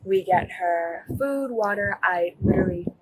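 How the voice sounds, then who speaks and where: A woman's voice: medium pitch, animated, measured pace, heavy background noise. Young woman rambling through her account. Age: young adult. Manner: rambling, fillers of "like", self-correcting. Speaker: witness talking to police. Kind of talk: recounting events to an officer. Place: college dorm, indoors. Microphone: police body camera.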